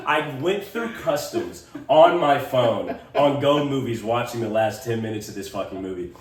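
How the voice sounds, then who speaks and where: A young man with a low voice tells a long, rambling story in casual podcast chat, packed with fillers and curses. The room is echoey, and he sits back from the mic with faint noise under him. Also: animated, moderate pace, few pauses, distant mic. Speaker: podcast co-host.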